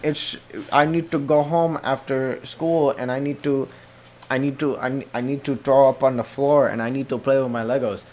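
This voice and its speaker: A man's voice: mid-range voice, steady tone, moderate pace, a little mellow, a little hiss or hum, natural voice. A man voicing a messy preschool kid. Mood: carefree. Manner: rambling, childish run-on wants.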